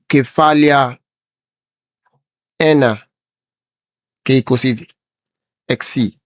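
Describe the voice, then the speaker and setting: A man's voice: medium pitch, dry recording. A man teaching a Bible lesson over a screen share, repeating words and explaining bit by bit.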